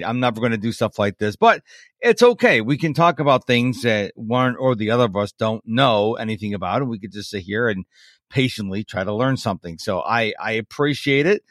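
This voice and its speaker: A man co-hosting a podcast in casual chat, rambling and joking at his own expense, often breaking into lively, animated bursts. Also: fairly low pitch, no echo, clean studio sound. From Texas. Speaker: podcast co-host.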